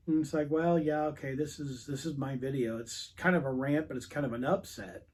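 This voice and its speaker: A man's voice: medium pitch, steady tone, fairly quick, few pauses, darkish tone. A man hosting his own record collecting channel, telling a rambling, frustrated story to camera with lots of quoted dialogue. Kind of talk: casual rant to camera.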